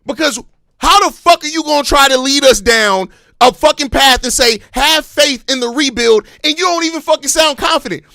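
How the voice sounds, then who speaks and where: Fired-up, high-voiced sports podcast man. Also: normal speed, creaky, no echo, studio quality. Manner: impassioned, heavily profane ranting; calmer, apologetic stretches between outbursts. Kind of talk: live-stream sports fan commentary.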